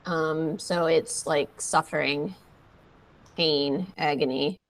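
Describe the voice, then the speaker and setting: A woman's voice: deep voice, steady tone, slow pace. A woman tutoring English vocabulary, explaining patiently with many fillers. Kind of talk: slow, careful vocabulary teaching.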